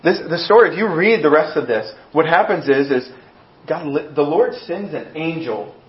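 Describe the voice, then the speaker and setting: A man preaching a sermon as pastor, telling the story with lively acted-out voices. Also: fairly high pitch, normal speed. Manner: animated storytelling, acting out voices. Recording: echoey room, dull sound.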